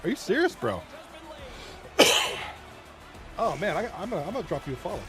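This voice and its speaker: A man's voice: high voice, very animated, brisk, over loud music. Chatty man calling esports hockey. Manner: loose, chatty, swears, clears throat often. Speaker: league stream commentator. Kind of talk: casual esports commentary reading chat.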